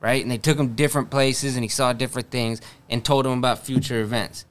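A man's voice: medium pitch, fairly even intonation, fast, clear, resonant tone. A man co-hosting a podcast in casual chat, asking questions and laying them out step by step. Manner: inquisitive, lays out questions step by step. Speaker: podcast co-host.

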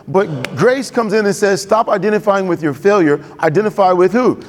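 A man with a high voice delivers a sermon in a lively, conversational way. He throws questions to the congregation and picks up speed as he goes. His words carry a long reverb from the church hall. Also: slight background noise. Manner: conversational, quick and animated, asks the congregation questions. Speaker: pastor. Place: church sanctuary.

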